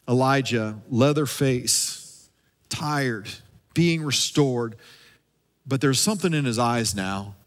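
A man who is a lead pastor, preaching a sermon and dropping at times into a soft, hushed voice for emphasis. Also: mid-range voice, in a large hall. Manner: preaching with dramatic drops to a soft hush.

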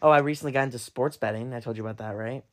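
A young man co-hosting a podcast, talking in an animated, rambling way with plenty of swearing. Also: mid-range voice, racing. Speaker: podcast co-host. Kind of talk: casual chat.

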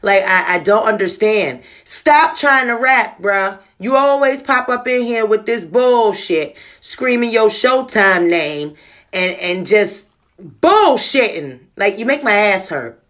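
A woman's voice: medium pitch, animated, slow, a bit bright. Brief: woman caller, casual slangy rant, exasperated. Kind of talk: casual chat.

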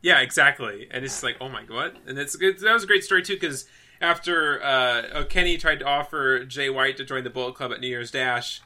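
A man co-hosting a casual podcast, his voice very bright and cutting. He gushes and gets carried away, stringing thoughts together with "like" and dropping curses freely. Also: mid-range voice, a little fast. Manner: excitable, gushing, heavy use of "like", swears freely. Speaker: podcast co-host.

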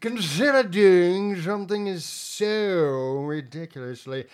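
A man puts on a stiff British general with a hammy mock British accent and a slightly raised pitch. The officer sounds pompous and scandalized, and every phrase comes out as grand theatrical outrage. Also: slow pace, clear, resonant tone. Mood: indignant.

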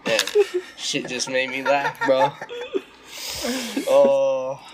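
A young man co-hosting a casual podcast, animated and joking, often laughing as he talks. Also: mid-range voice, drawn-out words, over a noisy crowd. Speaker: podcast co-host. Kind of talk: casual chat, hosting a meme segment.

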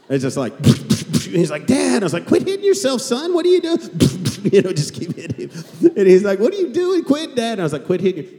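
A middle-aged man preaching a sermon to a live congregation, joking and animated, rising at times to shouts. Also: medium pitch. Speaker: pastor. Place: large church hall before a live audience. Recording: long hall reverb.

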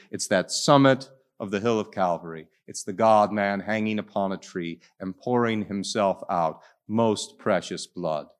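A male Catholic priest giving a sermon, telling a story dramatically and swinging between hushed lines and loud ones. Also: fairly low pitch.

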